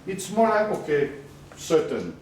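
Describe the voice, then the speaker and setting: Lively male business coach, higher voice, questions the room a lot, echoey room, heard from afar. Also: measured pace, far from the mic, a little hiss or hum. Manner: lively, questioning the audience often; mixes in words of another language. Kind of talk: live coaching talk to a group.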